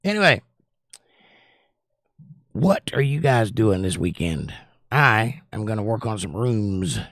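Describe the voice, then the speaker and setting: A hoarse man from North Carolina hosting a casual livestream chat, joking and rambling with viewers. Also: on the low side, animated, slow pace, fairly bright tone, no room sound, clean studio sound. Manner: joking, rambling, does silly voices. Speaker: livestream host.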